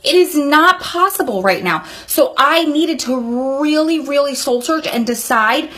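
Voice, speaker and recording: A woman's voice: sits high, expressive, measured pace, fairly bright tone. A woman in her thirties giving heartfelt, emphatic advice straight to her viewers in a vlog. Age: 30s. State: sweaty, hot room. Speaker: vlogger. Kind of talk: emotional advice monologue.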